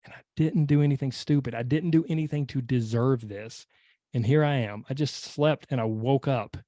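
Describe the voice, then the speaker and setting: A man hosts a podcast and tells a personal story with lively energy, acting out his inner thoughts as he goes. His voice sits at an ordinary pitch for a man. The close mic sounds dry, with no room echo. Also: moderate pace. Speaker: podcast host and weight-loss coach. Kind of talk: casual monologue, personal story.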